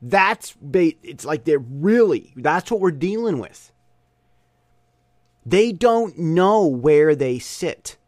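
Opinionated man with a lively voice. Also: a little high, slow, no echo, studio quality. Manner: opinionated, stumbling restarts. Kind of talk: casual monologue.

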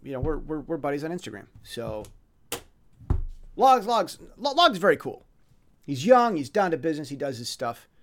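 A man's voice: fairly high pitch, sing-song, moderate pace, long pauses, fairly bright tone. A man hosting a podcast alone, talking casually in a rambling, self-mocking way, with frequent restarts and fillers. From foreign resident in Taiwan. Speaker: podcast host. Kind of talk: casual monologue.

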